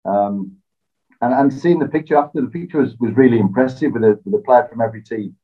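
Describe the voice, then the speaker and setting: A man's voice: medium pitch, quick pace. Guy chatting easy, laughs a lot, kinda dull muffled sound. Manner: relaxed, self-deprecating, laughs often. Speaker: interview guest, former footballer. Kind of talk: casual interview storytelling.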